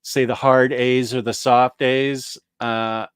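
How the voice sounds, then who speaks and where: Casual man hosting a comic stream, chatty and jokey, smooth clear voice, close dry sound. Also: medium pitch, level tone, slow pace, no room sound. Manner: chatty, jokey, thinking aloud while browsing. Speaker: comic book show host. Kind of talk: casual live-stream chat.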